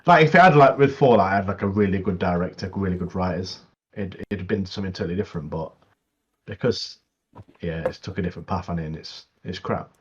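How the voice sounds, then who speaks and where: A man's voice: low-pitched, fairly quick, a little hiss or hum. A man co-hosting a casual gaming chat, laughing often and acting out little quotes. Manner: laughs often, acts out quotes, repeats words. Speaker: co-host. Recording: dull, lo-fi mic.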